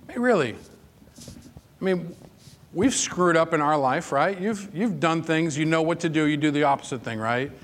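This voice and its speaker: Male pastor, slightly high voice, chatty sermon delivery, storytelling with emphatic bursts. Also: normal speed. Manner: conversational, personal storytelling with rising emphatic peaks.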